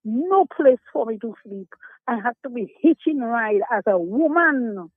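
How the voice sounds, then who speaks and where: A woman's voice: a little high, lively intonation, measured pace, dry recording. Emotional older woman on phone. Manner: emotional, emphatic and aggrieved. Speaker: radio caller. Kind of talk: call-in complaint. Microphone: telephone. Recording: tinny dry phone line.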